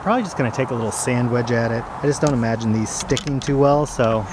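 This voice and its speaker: Male golf vlogger, mid-pitch, a little winded, self-mocking chat, outdoor camera mic with faint traffic behind. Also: quick pace. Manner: chatty, self-deprecating. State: slightly out of breath. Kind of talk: casual talk to camera while golfing. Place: outdoor golf course in cold weather.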